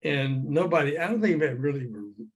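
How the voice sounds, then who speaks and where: An older man, a former record promoter, telling lively anecdotes as an interview guest over a video call, acting out the people he quotes. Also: on the high side, moderate pace, breathy edge. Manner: lively raconteur who acts out the people he quotes.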